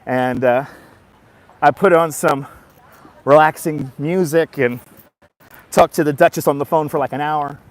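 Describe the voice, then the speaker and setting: Brief: man, slightly high voice, livestream vlogger, recorded outdoors on a phone. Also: fairly even intonation, measured pace, pauses often. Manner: chatty storytelling, greets viewers by name. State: tired after a nap. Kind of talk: casual livestream chat. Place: outdoors on a boardwalk.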